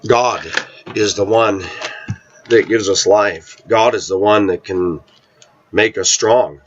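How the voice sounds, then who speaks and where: A man telling a story in casual, rambling talk, often clearing his throat and repeating himself. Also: on the low side, slow pace, muffled recording.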